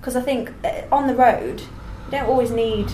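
A woman's voice: fairly high pitch, fairly even intonation, moderate pace, mellow. A woman co-hosting a podcast, chatting in an easygoing way and laughing along. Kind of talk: casual chat. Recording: roomy echo with faint noise.

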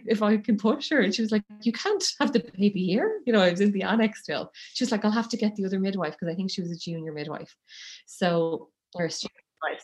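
This is a woman in her thirties with a voice lower than most. She tells her story in a loose, chatty way, acting out what people said and laughing along the way. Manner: chatty, laughs often, acts out quotes. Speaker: guest telling her birth story. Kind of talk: casual storytelling.

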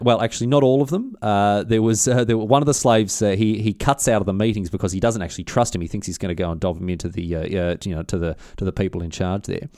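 A man's voice: fairly low pitch, darkish tone, no echo, clean studio sound. A man who hosts a podcast and retells history in a rambling, matey, filler-heavy way with plenty of slang. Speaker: podcast host. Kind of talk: casual history storytelling.

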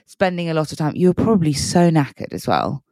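A woman's voice: low-pitched, sing-song, quick pace, warm tone, no room sound. A woman co-hosting a podcast, supportive and playful, chatting casually and laughing easily. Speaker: podcast co-host. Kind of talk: casual chat. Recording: dry remote call audio.

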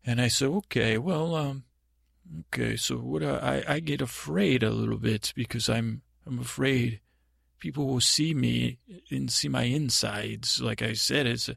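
An actor playing a timid, naive boy prince in an improvised comedy podcast, telling a story in a halting, stammering, meandering way. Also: medium pitch, vocal fry, a bit bright, slightly rough, no echo, studio quality, exaggerated voice. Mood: rambling. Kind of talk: improvised comic monologue.

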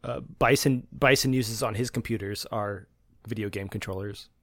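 A man's voice: on the low side, fairly even intonation, normal speed, fairly bright tone, dry recording, clean studio sound. A man co-hosting a podcast, chatting casually through a movie watch-along, laughing often and explaining the lore. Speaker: podcast co-host.

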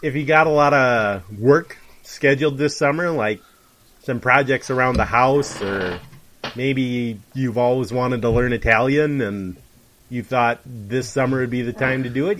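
A man's voice: medium pitch, a little slow, a bit bright. A man co-hosting a casual sports podcast, talking in a wry, rambling, joking way. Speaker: podcast co-host.

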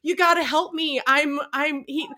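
A woman's voice: high voice, steady tone, moderate pace, pushed and bright, pitched above the performer's own voice. A woman voicing a cursed young male fey prince trapped as a nutcracker, frantic and pleading.

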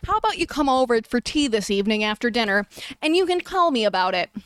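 Woman reading as a kindly giant man, soft and dry, close to the mic. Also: fairly high pitch, very animated, fast, clean tone, dry recording. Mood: warm. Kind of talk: comic fan fiction reading.

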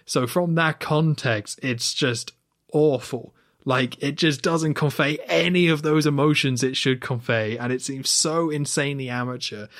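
A man's voice: medium pitch, a little slow. Guy cohosting a movie podcast, chatty, keeps saying like, rambles on. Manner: animated, talks in long run-on stretches with many "like"s. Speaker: podcast co-host. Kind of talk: casual film-review chat.

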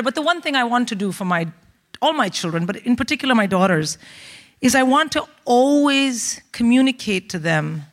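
Quick, self-mocking woman. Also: mid-range voice. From India. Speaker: comedian host. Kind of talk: stand-up storytelling. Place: large theatre stage, live audience. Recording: live theatre hall reverb.

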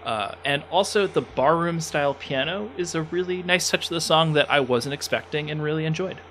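A man co-hosting a podcast in easygoing casual chat, chuckling often and pausing on fillers. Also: fairly high pitch, fairly bright tone, slight background noise. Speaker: podcast co-host.

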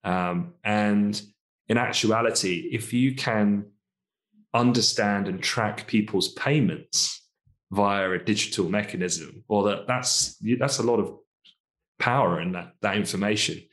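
This British co-host of a laid-back finance podcast has a lowish, slightly bright voice and talks a little slowly. He keeps things conversational, laughing frequently and qualifying what he says with side remarks.

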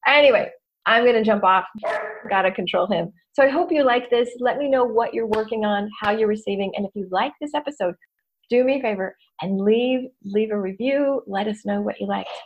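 Woman, podcast host, casual self-help talk, gravelly, candid. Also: medium pitch, fairly quick, highs cut off. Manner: chatty, candid, self-mocking coach.

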